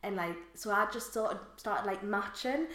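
A woman's voice: medium pitch, moderate pace, a bit bright, echoey room. A woman, co-hosting a podcast in casual chat, telling stories and laughing often. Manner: chatty storyteller, laughs often. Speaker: podcast co-host.

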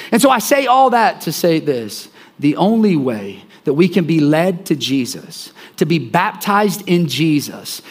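A man preaching a sermon in a conversational way, often repeating words and checking in with the listeners. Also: fairly high pitch. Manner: conversational, repeats phrases, acts out scenes.

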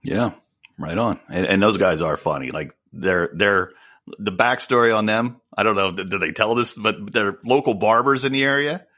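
A man co-hosting a podcast, chatting casually in an animated, rambling way and laughing often. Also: fairly low pitch, moderate pace. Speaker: podcast co-host. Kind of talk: casual chat.

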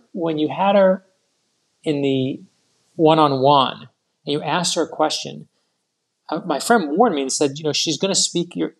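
A middle-aged man, a guest author, telling rambling, animated anecdotes in a casual interview. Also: on the high side, vocal fry.

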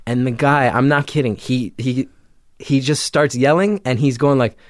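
A young adult man telling a story in casual chat, animated, jumping into loud high voices when he quotes people. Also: moderate pace, no room sound, clean studio sound.

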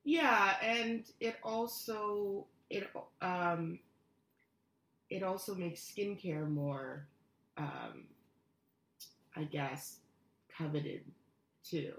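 Slow, low-voiced woman co-host. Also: fairly bright tone, reverberant. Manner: hesitant, many fillers and restarts. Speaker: podcast co-host. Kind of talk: casual chat.

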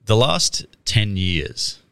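A man's voice: fairly low pitch, very animated, very slow, creaky, sharp tone. A man, chatting casually about a trailer, swearing freely and laughing often. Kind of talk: casual chat reviewing a trailer.

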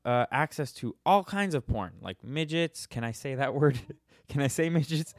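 A young man chatting casually as a podcast host, irreverent and quick to laugh at his own jokes. His voice sits in a middle register and is recorded close and dry, with no room sound around it. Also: mid-range voice, a bit bright, clean tone, dry recording. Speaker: podcast host answering listener questions.

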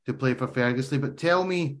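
A man's voice: mid-range voice, fairly quick. A man interviewing a former teammate, asking friendly questions in casual chat.

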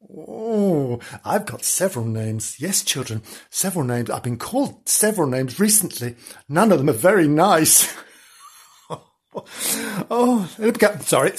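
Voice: medium pitch, breathy edge. A podcast host reading a children's story aloud in a comic way, interrupting it with playful asides, giggles and mock apologies to the children listening.

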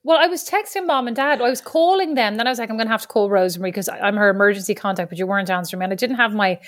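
A middle-aged woman, a podcast co-host, telling a story in a lively, animated way, acting out other people's voices and swearing now and then. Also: medium pitch, very fast, no echo. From Ireland. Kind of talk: casual storytelling chat.

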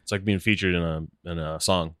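A man's voice: low voice, steady tone, brisk, a bit bright, dry recording, studio quality. A man co-hosting a podcast in casual chat, laid-back, laughing often and chiming in. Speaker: podcast co-host.

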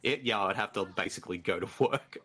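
A man's voice: sits low, fast talker, a bit bright. A man co-hosting a casual watch-along podcast, joking and swearing as he comments. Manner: joking, swearing, laughing often. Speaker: podcast co-host.

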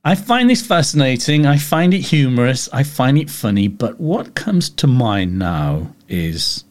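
A man's voice: mid-range voice, sing-song, unhurried. A man hosting an interview and asking thoughtful, reflective questions. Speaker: host.

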